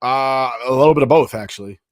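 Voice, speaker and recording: A man's voice: medium pitch, fast talker, dry recording, studio quality. A man co-hosting a casual podcast, arguing insistently with long examples. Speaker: podcast co-host. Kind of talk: casual argumentative chat.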